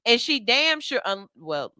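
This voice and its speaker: A woman with a Southern US accent holds forth on radio in a blunt, profane, preachy monologue. Her voice is bright and forceful, and the studio mic sounds close and dry. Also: medium pitch, normal speed, no room sound. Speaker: radio show host.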